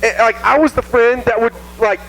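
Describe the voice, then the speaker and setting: High-voiced Southern youth preacher. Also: male voice, normal speed, creaky, poor audio. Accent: Southern American. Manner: animated, self-mocking, acts out whiny voices. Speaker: youth pastor. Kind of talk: casual youth sermon. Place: church youth room.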